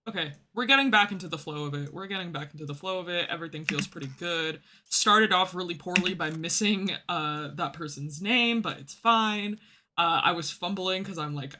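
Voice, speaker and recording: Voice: mid-range voice, brisk, background noise. A gaming streamer giving casual, jokey commentary, often flustered, reading game text aloud as they play. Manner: chatty, jokey, easily flustered.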